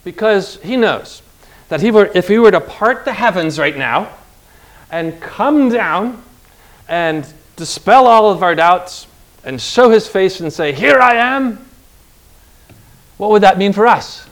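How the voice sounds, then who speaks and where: A man delivering a sermon in a rather high-pitched voice. He talks in a casual, conversational way and keeps asking his listeners questions. His pitch leaps upward whenever he stresses a point. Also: lively intonation, a little slow. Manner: emphatic, voice jumps up on acted pleas. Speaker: preacher.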